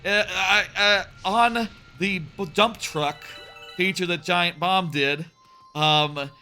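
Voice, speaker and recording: A man's voice: high-pitched, slow pace, bright, forceful tone. A man in his thirties chatting casually on a live stream while he plays, rambling with many fillers and restarts. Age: 30s. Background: faint game music.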